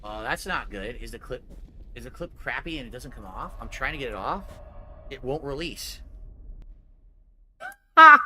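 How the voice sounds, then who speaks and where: A man's voice: mid-range voice, very animated, moderate pace, long pauses, pushed and bright, a little hiss or hum. A man livestreaming from his room at home, chatting casually with his viewers and thinking aloud as he works on a task with his hands. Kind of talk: casual live-stream chat. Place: home room with foam soundproofing on the wall.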